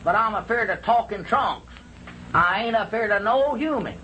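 An actor playing a timid, excitable storekeeper who whines and protests, in an old-time radio comedy. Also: male voice, sits high, normal speed, lo-fi sound, a little hiss or hum. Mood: fearful. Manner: whiny, jittery, protesting. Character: timid, excitable older male country storekeeper.

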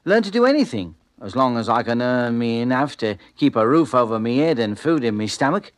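An actor playing a poor drifter, chatty and cheeky, narrating in an old-time radio drama. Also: male voice, medium pitch, big pitch swings, fairly quick, natural voice. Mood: wry. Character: poor male drifter, down on his luck.

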